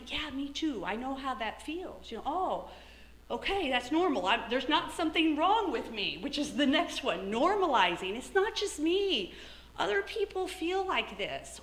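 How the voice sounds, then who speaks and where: A middle-aged woman gives a motivational talk, her high voice swooping widely as she acts out her own thoughts. Her tone is bright and forceful, and the sound carries the echo of a large lecture hall. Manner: animated, quotes herself in lively asides. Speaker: keynote speaker.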